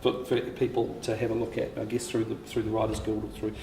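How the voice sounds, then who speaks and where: A man's voice: on the low side, completely flat delivery, fast talker, creaky, dark tone. A man, a writer on a panel, telling candid anecdotes with frequent laughter, swearing and restarts. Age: 50s. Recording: echoey hall with faint noise.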